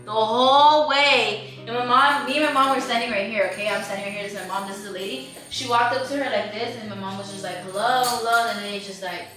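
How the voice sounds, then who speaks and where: Bright-voiced young woman telling a story. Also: a little high, fast talker, hardly any pauses, distant mic. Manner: lively, acts out scenes, hunts for words. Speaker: vlogger. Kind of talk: casual storytelling. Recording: echoey room, voice off-mic, faint music.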